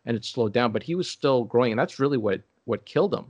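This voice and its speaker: A man in casual chat, rambling and halting with many restarts and fillers. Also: mid-range voice, expressive, a little mellow, dry recording.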